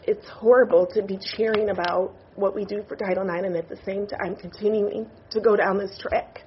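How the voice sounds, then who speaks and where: A woman's voice: mid-range voice, fairly even intonation, moderate pace, lo-fi sound, slight background noise. A woman on a university board, crying as she gives an emotional, apologetic statement at a public meeting. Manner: emotional, apologetic, tearful confession. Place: meeting room.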